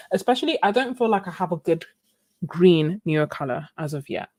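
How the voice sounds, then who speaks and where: A woman's voice: lowish voice, lively intonation, normal speed, mellow, no echo. A young woman chatting casually with viewers while she paints on a live stream, laughing often. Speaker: live-stream art host.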